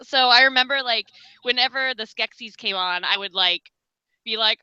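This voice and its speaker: A woman's voice: fairly high pitch, moderate pace, bright, forceful tone, clean tone, no echo, highs cut off. A young woman guest on a casual livestream chat, giggly and self-mocking. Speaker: guest YouTuber.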